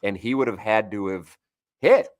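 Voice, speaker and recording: A man's voice: on the low side, expressive, normal speed, a little mellow, no echo, clean studio sound. A man in his forties, a sports radio guest, telling long rambling anecdotes with frequent restarts in a casual sports talk show.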